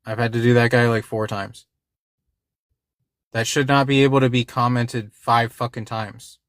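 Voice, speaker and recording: A man's voice: medium pitch, steady tone, normal speed, dry recording, studio quality. A man hosting a livestream, talking casually and with frustration to his chat, swearing and repeating himself. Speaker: livestream host.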